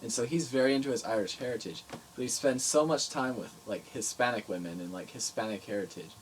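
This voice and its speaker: A young man co-hosting a podcast, telling stories in a jokey, animated way. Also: medium pitch, fast, a little hiss or hum, poor audio. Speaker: podcast co-host. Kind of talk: casual podcast chat.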